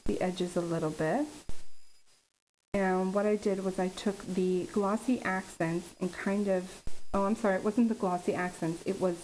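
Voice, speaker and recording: Woman, middle pitch, casual craft vlogger, halting and chatty, faint hiss. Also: a little mellow, poor audio. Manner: chatty, halting with many ums.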